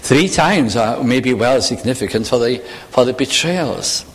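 A male preacher giving a sermon, speaking in a searching, animated way and putting questions to the congregation. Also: medium pitch, unhurried, long reverb tail.

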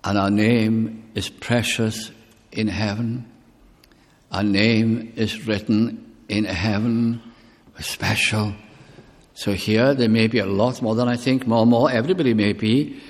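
Slow, earnest male preacher in a reverberant hall. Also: lowish voice, fairly even intonation. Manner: slow, earnest, questioning the listeners directly. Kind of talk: sermon.

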